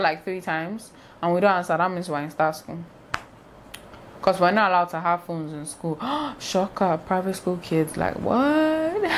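A young woman tells a story on her vlog, lively and animated, acting out the sounds as she goes. Her voice sits a little low for a woman. A faint hiss of noise hangs behind her. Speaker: vlogger.

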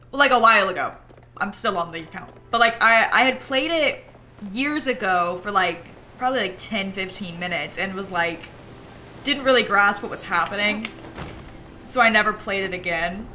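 A young woman livestreaming, chatting casually while she plays a game, rambling and animated with lots of "like" and quick bursts of laughter. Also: mid-range voice, slight background noise. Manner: chatty and rambling, heavy use of "like"; animated storyteller who breaks into laughter. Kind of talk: casual chat while gaming.

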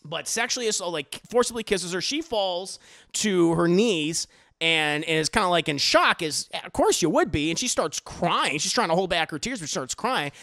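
Male reviewer, casual recap, animated, profane, gravelly, high-pitched. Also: normal speed. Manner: animated, profane, acts out scenes.

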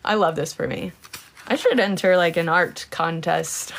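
A woman's voice: on the low side, a little slow, creaky, slight background noise. Casual, swearing woman streaming live. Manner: chatty, greets viewers by name, swears casually, giggles. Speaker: livestreamer. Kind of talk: casual livestream chat.

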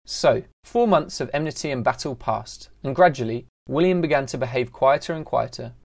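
A man's voice: medium pitch, moderate pace, vocal fry. Man narrating a first-person story. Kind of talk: scripted narration.

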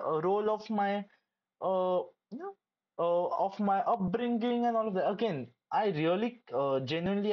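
Hesitant young medical student, muffled audio. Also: mid-range voice. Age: young adult. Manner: hesitant, many filler words and restarts. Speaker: medical student giving application advice. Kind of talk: casual advice vlog.

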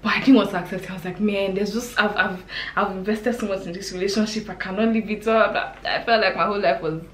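Woman telling an animated storytime. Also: mid-range voice, quick pace, slight background noise. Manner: chatty and expressive, with sudden exclamations. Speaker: vlogger. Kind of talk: casual storytime chat. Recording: echoey room.

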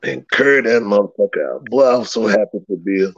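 A man spins a profane yarn with a lively, swooping delivery and plenty of laughter, acting out what everyone said. His low voice carries a gravelly edge. The recording is dry and a bit dull and lo-fi. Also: brisk, dry recording. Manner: animated, profane, laughs often, reenacts dialogue. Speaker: guest recounting old stories. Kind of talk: casual profane storytelling. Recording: slightly dull lo-fi sound.

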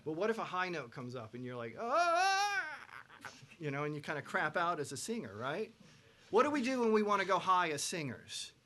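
Guy running a vocal masterclass, kinda high voice, gets loud and animated, sings bits to show stuff. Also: quick pace. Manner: animated, belts out sung examples. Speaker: vocal production instructor. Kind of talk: masterclass lecture to students.

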